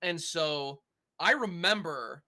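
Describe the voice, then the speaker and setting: A man with a very bright, ringing tone and a slightly high voice, co-hosting a relaxed podcast chat. He tells stories eagerly and with lots of energy. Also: slow pace. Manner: enthusiastic, animated storytelling. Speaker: podcast co-host.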